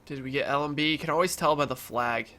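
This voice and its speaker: A man's voice: on the high side, fast, sharp tone. Nasal young man narrating his gameplay. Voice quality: nasal from allergies. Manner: chatty, filler-heavy, reassuring the viewers. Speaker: gaming YouTuber. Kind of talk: casual gameplay commentary.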